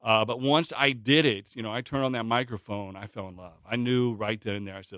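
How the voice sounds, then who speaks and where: A middle-aged man from Indiana, a stadium announcer, telling anecdotes in a relaxed interview with frequent fillers. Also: fairly low pitch, fairly quick, no room sound, studio quality. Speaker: interview guest, public address announcer. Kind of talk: conversational storytelling.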